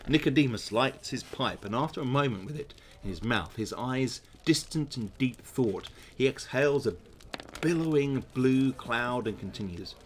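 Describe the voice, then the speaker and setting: A man's voice: mid-range voice, expressive, moderate pace, slight background noise. A man, hosting a gamebook session, reading aloud and chatting in musing asides. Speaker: host playing a gamebook.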